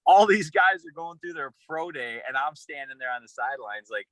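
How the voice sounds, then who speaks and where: A young man, a former college football player, telling a rambling, excited story in a casual interview, with many restarts. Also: on the high side, fairly quick, no room sound, low-quality recording.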